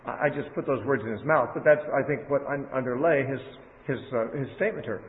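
A man's voice: medium pitch, a little fast. A man teaching from the Bible in a sermon, talking conversationally and putting scripture into everyday words. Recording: phone-like audio in a reverberant hall.

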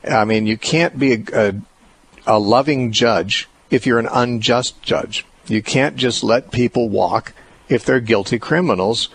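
A man hosting a call-in radio show, explaining Bible teaching in a measured, reasoning way with occasional restarts. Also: medium pitch, a little hiss or hum. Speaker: radio host answering callers.

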